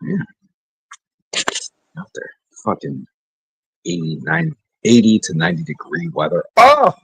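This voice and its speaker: Gravelly, husky man rambling on stream. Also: on the high side, wildly swooping pitch, measured pace, fairly bright tone, dry recording, rough recording. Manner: laid-back, rambling, sighing, joking asides. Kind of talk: rambling casual livestream chat.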